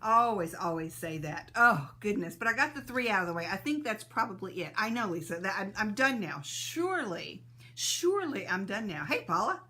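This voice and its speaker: A woman's voice: medium pitch, expressive, normal speed, pushed and bright. A woman hosting a casual live stream, greeting viewers by name and laughing often, a little sneezy and teary-eyed.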